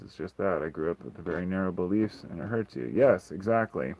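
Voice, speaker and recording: Low-voiced male streamer with a dry close sound, frank and rambling, swears freely. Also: a little fast, hardly any pauses, darkish tone, no room sound, poor audio. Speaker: livestream host. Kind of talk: casual livestream Q&A chat.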